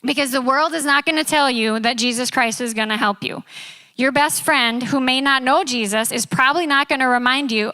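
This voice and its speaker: A woman's voice: sits high, normal speed, sharp tone. A young woman preaching a casual, chatty youth sermon who keeps checking in with the room. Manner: casual, chatty, often asks the room "right?". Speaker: youth speaker. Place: youth service in a church building.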